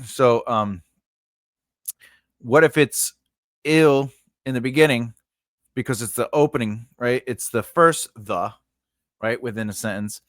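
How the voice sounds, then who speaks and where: With a lowish, clear, resonant voice, a writing teacher rambles through a relaxed lesson about designing grammar for invented languages. He often fixes what he just said and checks in with "right?". Studio-quality audio, no echo.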